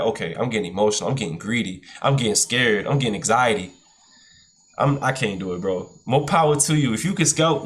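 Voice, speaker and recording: A man commentates his futures trades live and chats casually to his viewers. He repeats himself a lot and talks in slang, at an ordinary middle pitch. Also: a bit bright. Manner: repetitive, talks to chat, with slang. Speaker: livestream day trader.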